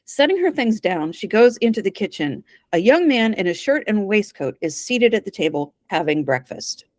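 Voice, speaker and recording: A woman co-hosting a casual podcast retells a drama episode scene by scene, voicing its lines with lively quotes and laughter. Her voice is medium-pitched at normal speed, with no room sound.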